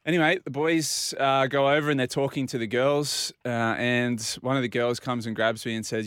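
A man's voice: medium pitch, steady tone, moderate pace, hardly any pauses, a bit bright, clear, resonant tone, no room sound, studio quality. Easygoing Australian man telling a yarn. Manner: easygoing, self-deprecating, acts out quoted dialogue. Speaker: show regular telling a story. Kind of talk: casual radio storytelling.

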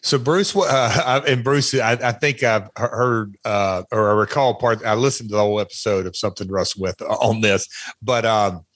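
A man's voice: fairly low pitch, steady tone, moderate pace, fairly bright tone, no room sound. A man in his fifties with a Tennessee accent, chatting as a guest on a podcast, rambling and self-mocking with many restarts. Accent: Southern US, Tennessee. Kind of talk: casual podcast chat.

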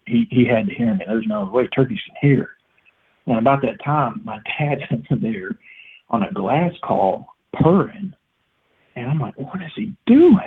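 A young man excitedly telling a hunting story as a guest, acting out every line he quotes. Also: medium pitch, husky, phone-quality sound. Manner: excited, animated retelling with acted-out quotes. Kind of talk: casual storytelling.

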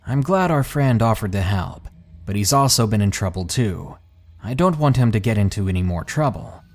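Male storyteller with lively pitch. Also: normal speed. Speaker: podcast host and narrator. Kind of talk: scripted narration of listener stories. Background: faint background music.

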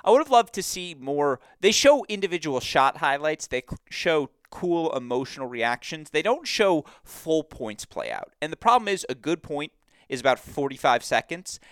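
A man hosting a podcast in a casual sports-analysis chat, talking in an animated, emphatic way and laughing easily. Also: on the high side, normal speed, clear, resonant tone, dry recording, studio quality. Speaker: podcast host.

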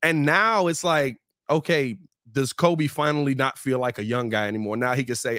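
A man co-hosting a sports podcast in a casual, animated way, his voice slightly hoarse. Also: mid-range voice, moderate pace, few pauses, no room sound, studio quality. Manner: animated, laughs often, reads sponsor ads. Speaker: podcast co-host.

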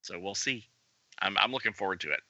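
A man's voice: low voice, expressive, a little fast, pushed and bright, no room sound, highs cut off. A man chatting enthusiastically about comics as a podcast co-host. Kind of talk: casual chat.

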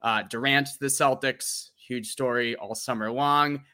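A man's voice: mid-range voice, steady tone, unhurried, pushed and bright. A man hosting a podcast, asking rambling questions full of fillers. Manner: loose questions with many fillers. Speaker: podcast host. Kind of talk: podcast interview.

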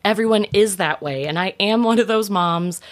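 A woman's voice: mid-range voice, moderate pace. A woman guesting on a podcast, a mother chatting casually, sympathetic and laughing often. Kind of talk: casual chat.

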